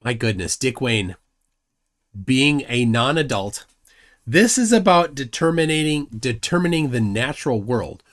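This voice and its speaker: Animated mocking male livestream host. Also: mid-range voice, measured pace. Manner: mocking, combative, reads chat aloud. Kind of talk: live debate commentary.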